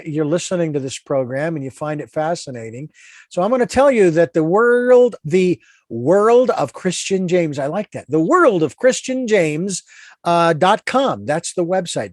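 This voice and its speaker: A man's voice: high-pitched, darkish tone, dry recording, clean studio sound. A man hosting a radio interview show, talking in an earnest, meandering, moralizing way. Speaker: radio talk show host.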